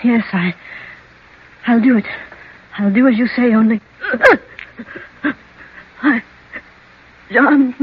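An actress playing a frightened, frail elderly widow with a breathy, trembling voice, in an old radio drama. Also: female voice, fairly high pitch, slow, pauses often, exaggerated voice. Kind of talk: 1940s radio acting. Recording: dull lo-fi old radio recording.

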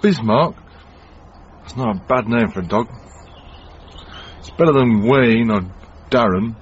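Man doing a terse younger bloke, short flat replies, muffled old radio play. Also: mid-range voice, unhurried, lightly acted. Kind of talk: radio comedy drama. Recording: dull old radio with faint hiss.

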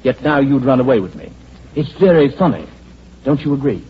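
A man playing a smooth, scheming, condescending company president in a 1940s-style radio drama, on a dull old recording with faint hiss. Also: medium pitch, very animated, a little fast, lightly acted. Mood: mocking. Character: smooth, scheming male corporation president, mocking.

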